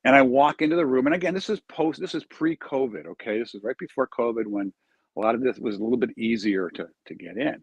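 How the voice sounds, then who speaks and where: A man with a husky, slightly breathy voice of middling pitch tells a heartfelt story as an interview guest. He acts out each quoted line with animated feeling. The sound is dry and close. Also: fast, no echo, dull audio. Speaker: charity founder, interview guest.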